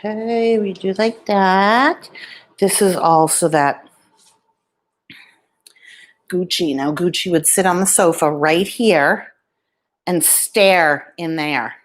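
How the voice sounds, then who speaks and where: Low-voiced woman chatting about her pet. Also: slow pace, long pauses. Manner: chatty, talks softly to her pet lizard. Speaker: vlogger. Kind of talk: casual live-stream chat. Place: at home. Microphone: plugged-in microphone.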